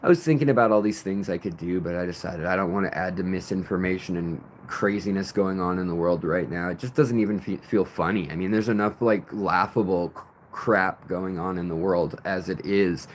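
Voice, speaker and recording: A man's voice: sits low, brisk, slight background noise. A man hosting a casual late-night livestream from outdoors, rambling loosely and greeting viewers by name. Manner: loose and rambling, reads chat names, sometimes raps along. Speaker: livestream host.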